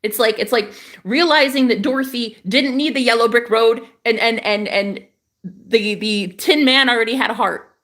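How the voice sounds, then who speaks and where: Speaking at a normal speed, this woman has a voice on the high side with a slightly bright tone. The young spiritual vlogger rants casually and passionately, cursing freely and saying things again for emphasis.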